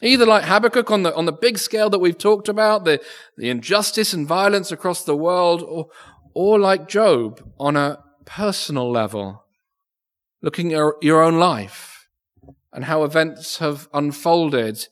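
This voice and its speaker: Preaching at a measured pace, an earnest English man uses lively intonation in a voice on the high side. He often repeats words while thinking aloud, and the church recording is echoey with long reverb.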